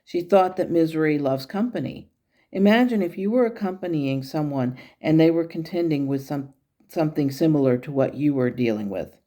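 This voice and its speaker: A woman's voice: deep voice, animated. Wise angel guide, relayed by a woman. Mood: gently instructive. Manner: measured, gently teaching. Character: wise, gently humorous male angel guide.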